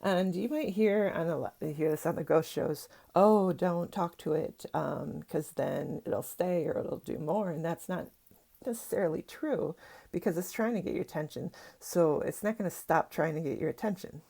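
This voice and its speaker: A woman's voice: low voice, normal speed, creaky, warm tone. A middle-aged woman, a psychic teacher, chatting casually to camera at home, rambling with lots of fillers and asides.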